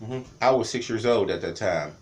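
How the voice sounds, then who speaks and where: Speaking at a normal speed in a lowish voice, a man in his thirties from around Cleveland, Ohio, shares childhood stories on his vlog. He rambles and repeats words a lot, but tells them with lively energy.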